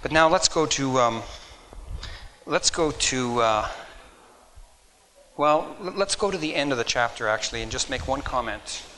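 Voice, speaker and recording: A man's voice: medium pitch, lively intonation, a little slow, long pauses, sharp tone, a little hiss or hum, rough recording. A middle-aged man preaching a sermon, reading old-fashioned scripture aloud, then speaking earnestly and unscripted with frequent restarts. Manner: earnest, reads in King James wording then speaks off the cuff with repeated words.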